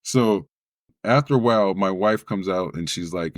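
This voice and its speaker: Low-voiced man telling a lively story. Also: fairly quick, no room sound, clean studio sound. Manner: animated storyteller who acts out quoted voices. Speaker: guest, spoken word poet. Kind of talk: storytelling interview.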